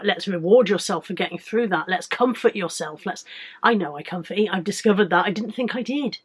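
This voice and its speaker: A woman in her late forties with an English accent, talking candidly and a little croakily in a casual vlog about her weight-loss week. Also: mid-range voice. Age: 40s. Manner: candid, chatty, rambling with restarts. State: slightly croaky.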